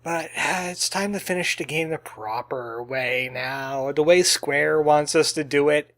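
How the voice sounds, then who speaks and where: A man with a slightly high, slightly slow voice and a fairly bright tone hosts the channel's let's play, casually commenting on the game he's playing. He's chatty and jokey, now and then putting on a cowboy voice, with faint game music in the background.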